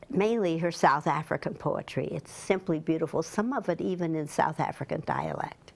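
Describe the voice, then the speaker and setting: A woman's voice: low voice, gravelly. A woman leading a poetry class, chatting in an interview with a gushing, enthusiastic manner. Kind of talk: interview chat.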